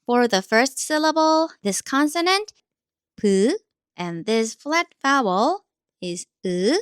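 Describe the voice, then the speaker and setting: A woman with a Korean accent teaches reading in a slow, deliberate way, pausing to repeat each sound for her learners. Her pitch sits a little high and moves a lot. The recording is dry and close. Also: sing-song, smooth, no room sound.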